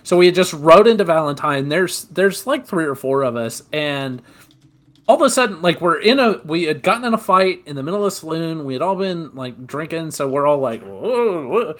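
A man's voice: fairly high pitch, fairly quick. A man in his twenties, a podcast co-host, telling gaming stories in casual chat and laughing as he goes. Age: 20s. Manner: animated storyteller, laughs while telling.

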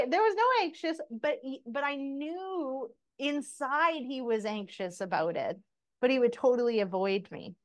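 A woman co-hosting a podcast, telling stories about her relationships in a candid, animated way, swearing freely and laughing as she talks. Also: a little high. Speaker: podcast co-host. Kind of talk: casual chat.

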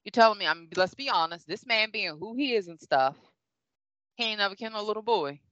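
A woman's voice: medium pitch, expressive, fast talker, a bit bright, dry recording. A woman in a casual review chat, rambling, self-correcting and laughing often. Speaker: show reviewer. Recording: dull, dry sound.

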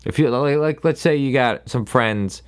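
Speaking at a moderate pace, a man with a medium-pitched, clear and resonant voice runs his own solo podcast. He wanders from point to point with casual sarcasm, frequently cutting himself off and beginning again.

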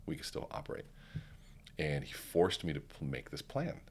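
A man's voice: extremely low pitch, normal speed, husky. A man telling a story in casual conversation as a podcast guest, acting out what people said. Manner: animated, acts out quoted dialogue. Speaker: podcast guest, keynote speaker.

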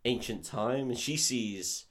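A man co-hosting a casual podcast, retelling a film plot in a loose, profane, rambling way with quick asides. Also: medium pitch, a bit bright. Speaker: podcast host recapping a film. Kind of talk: casual chat.

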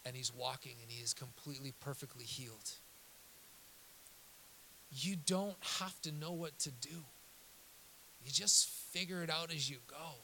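A man preaching, telling a story in an animated way that swings from loud emphasis to hushed, low passages. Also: a little slow, pauses often, slight background noise, low-quality recording. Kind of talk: sermon storytelling.

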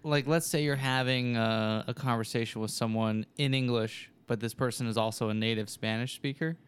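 Guy asking questions and teasing the others, clean clear voice. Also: medium pitch, fairly even intonation, moderate pace. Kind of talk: casual chat.

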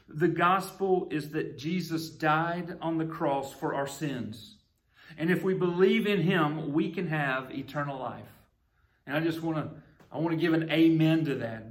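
A man preaching a sermon as pastor, deliberate and emphatic, repeating key phrases for weight. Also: fairly high pitch.

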